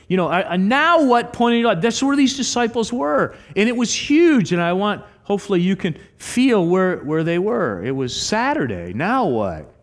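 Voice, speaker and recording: Animated pastor in a reverberant hall. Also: male voice, high-pitched, moderate pace, hardly any pauses. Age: middle-aged. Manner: animated storytelling with acted quotes. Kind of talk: sermon. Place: church sanctuary. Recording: long church hall reverb.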